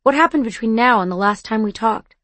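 A woman reading the lines of an earnest young man who speaks softly, sincerely and directly in an audiobook. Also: a little high, lively intonation, fairly quick, no room sound. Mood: earnest, pleading.

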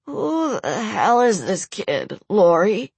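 A woman voicing a badly injured wealthy man who rasps, babbles and pleads for help. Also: medium pitch, big pitch swings, slow pace, darkish tone, no room sound, voice pushed up, heavily acted. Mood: pained. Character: injured desperate rich man, rasping.

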